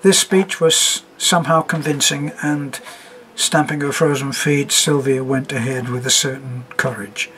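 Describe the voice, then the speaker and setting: A man reading a story aloud as narrator, in a measured, even manner. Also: mid-range voice, low-quality recording.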